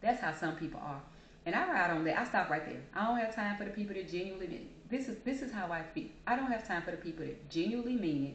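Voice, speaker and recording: A woman hosting her own vlog, giving her opinions in an emphatic, blunt and casual monologue. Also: lowish voice. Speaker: vlogger host. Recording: echoey room with faint noise.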